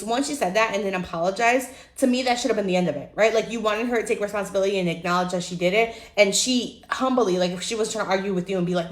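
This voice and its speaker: Fast-talking blunt young woman. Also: medium pitch, reverberant. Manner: animated, blunt, profane, acts out quotes. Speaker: reality TV commentator. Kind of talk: casual opinion rant to camera.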